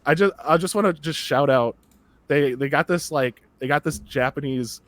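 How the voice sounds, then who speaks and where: A man co-hosting a podcast, rambling excitedly in casual chat and laughing often as he talks. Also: on the high side, moderate pace, no room sound. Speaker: podcast co-host.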